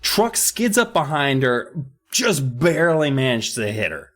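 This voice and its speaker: A man's voice: mid-range voice, measured pace. A man co-hosting a podcast, retelling a children's horror book with profanity and laughter. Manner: profane, laughing, animated storytelling. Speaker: podcast co-host. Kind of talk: comedic book recap.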